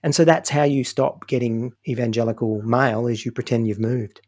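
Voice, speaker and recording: A man co-hosting a podcast in casual chat, joking and animated. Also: mid-range voice, moderate pace. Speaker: podcast co-host.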